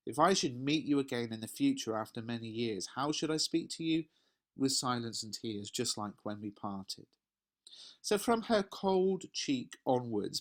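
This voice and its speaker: English guy teaching a poem, reads the lines then breaks them down, mid pitch. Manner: explains step by step, rhetorical questions, reads verse aloud. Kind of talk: poetry analysis lesson.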